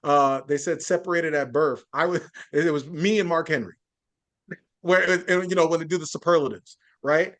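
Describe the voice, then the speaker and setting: A man's voice: a little high, normal speed, a bit bright. A man speaking as a journalist guest in a podcast interview, earnest and building his points through lists and frequent restarts.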